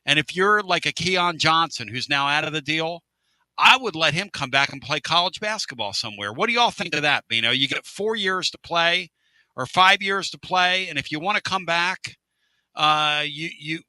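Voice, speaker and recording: A middle-aged man hosting a casual sports radio show, joking, with loud outbursts and drawn-out catchphrases. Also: a little high, animated, no echo.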